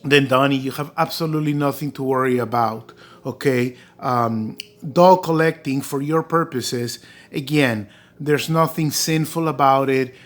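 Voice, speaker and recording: A man voicing a calm, kindly adult male friend who talks in gentle, hesitant reassurances. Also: mid-range voice, measured pace, close to an everyday voice. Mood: reassuring.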